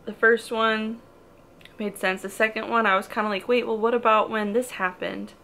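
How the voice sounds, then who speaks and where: A woman's voice: on the high side, steady tone, normal speed, vocal fry, pushed and bright. A young woman talking casually in a reading vlog, emotional and rambling, full of "like" and nervous laughs. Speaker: book vlogger.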